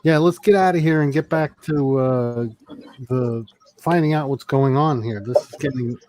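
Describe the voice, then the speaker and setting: A man's voice: mid-range voice, moderate pace, a little mellow. A man playing a tabletop game, chatting casually and musing aloud in character. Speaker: player.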